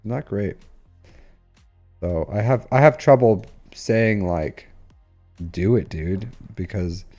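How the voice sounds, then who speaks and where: A low, mellow male voice drifts through a relaxed live-stream chat, full of ums and restarts as he answers viewers. Soft music plays faintly behind him. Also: slow pace, pauses often. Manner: rambling, filler-heavy, talks to chat. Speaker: game streamer.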